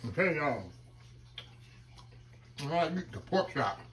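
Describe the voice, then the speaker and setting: A man's voice: a little high, sing-song, takes it slowly, a bit bright. A man hosting a casual cooking vlog, talking folksy and calling his viewers y'all. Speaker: cooking channel host. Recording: kitchen with sizzling grease behind.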